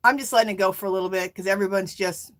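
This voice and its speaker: A middle-aged woman hosting a casual live stream, chatting and reading viewer comments aloud in a warm, emotional way. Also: medium pitch, steady tone, racing. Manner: warm and emotional, near tears.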